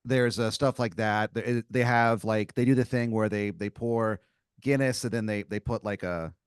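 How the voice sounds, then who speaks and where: A man's voice: on the low side, fairly even intonation, normal speed, clean tone, no room sound, studio quality. A man on a comedy podcast improvising a second-person story, rambling with lots of filler words. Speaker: podcast co-host telling a scenario.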